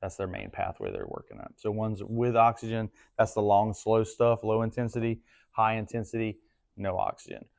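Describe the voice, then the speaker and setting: A man's voice: on the low side, lively intonation, moderate pace, gravelly, darkish tone. A man coaching a class in a gym, talking casually and checking in with frequent questions. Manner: casual, asks the group questions often. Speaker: strength coach.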